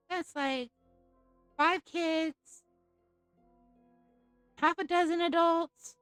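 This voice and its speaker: A woman's voice: sits high, a bit bright, no echo, low-quality recording. A woman streamer ranting in a casual, blunt and profane way over a live game stream.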